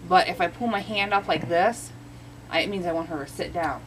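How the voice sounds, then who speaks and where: A woman's voice: a little fast, slight background noise, poor audio. A woman talking casually to a camera while training her service dog outdoors, explaining commands with examples. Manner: chatty, explaining with examples, acts out the dog's greetings in a high voice. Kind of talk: casual vlog narration. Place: outdoors near a bait shop.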